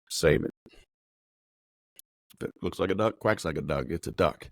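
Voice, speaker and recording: Low-voiced, fast-talking sales coach, a man. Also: dry recording, studio quality. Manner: rapid, conversational, full of fillers and analogies. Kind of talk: casual motivational talk.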